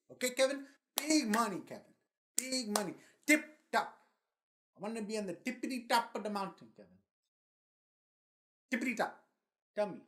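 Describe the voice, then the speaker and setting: A man's voice: sits high, fairly bright tone. A man playing a pushy male movie studio boss in a comedy sketch. He talks in a bossy way and keeps repeating the other man's name.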